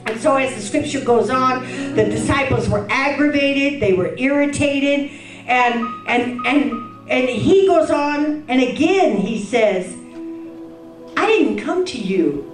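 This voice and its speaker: Woman preacher, fervent sermon, sing-song rises, roomy echo with soft music under it. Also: high voice, a little slow. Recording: echoey room, voice from a distance.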